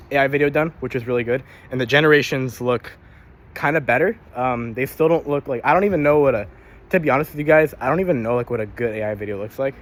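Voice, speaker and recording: A young man vlogging casually about his day, rambling and swearing, tired and a little out of breath while walking. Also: mid-range voice. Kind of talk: casual daily vlog.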